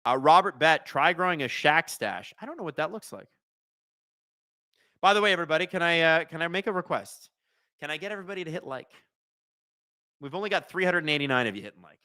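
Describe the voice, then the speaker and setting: Hosting a live watch-along stream, this man has a bright, fairly high voice whose pitch swings widely while he jokes and reads out viewers' chat. He talks fast and smoothly in an excitable, conversational way.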